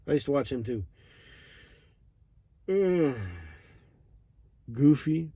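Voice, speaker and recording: A middle-aged man telling a rambling, digressive story in a profane, deadpan way. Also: fairly high pitch, very slow, breathy edge, no echo. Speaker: vlogger. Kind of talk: rambling monologue.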